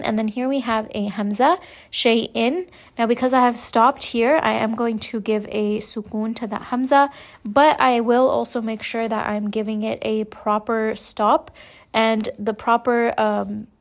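Patient woman teaching recitation rules. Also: a little high. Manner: patient, explains each rule slowly and clearly. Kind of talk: step-by-step tajweed lesson.

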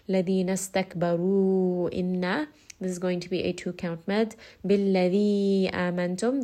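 A woman teaching Quran recitation rules in a calm, methodical way, pausing to model words slowly. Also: lowish voice. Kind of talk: tajweed lesson, explaining and modelling recitation.

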